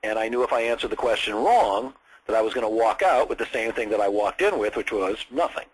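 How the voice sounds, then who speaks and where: During a sales training session, a man tells a story from his career, acting out other people's lines as an animated storyteller. He has a lowish, slightly rough voice and speaks fairly quickly, though the audio is poor.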